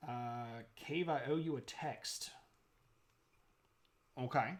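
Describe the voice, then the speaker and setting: A man's voice: medium pitch, takes it slowly. A man streaming a casual history lecture, chatty, greeting viewers and laughing often.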